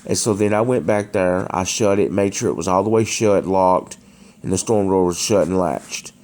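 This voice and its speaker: A man's voice: deep voice, moderate pace, darkish tone. A man casually telling a story at home, hesitant, with frequent restarts and fillers. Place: dark room at home.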